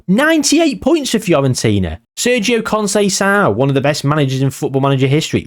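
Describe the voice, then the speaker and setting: Sarcastic man, lively pitch. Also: fast talker, hardly any pauses. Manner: sarcastic, swears freely, jumps between topics. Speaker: gaming YouTuber. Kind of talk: casual game commentary.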